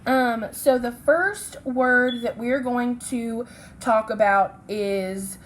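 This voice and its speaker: Woman teacher going real slow through phonics, kinda high voice, little bit of hiss behind. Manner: slow, patient, sounding out letters and syllables. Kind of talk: recorded phonics lesson for children.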